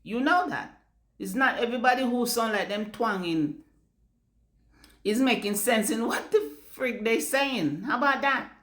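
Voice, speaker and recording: A woman's voice: on the high side, measured pace, a bit bright, roomy sound. A Jamaican woman speaking bluntly in a casual vlog rant, swearing freely and slipping into patois. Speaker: vlogger. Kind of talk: casual ranting monologue.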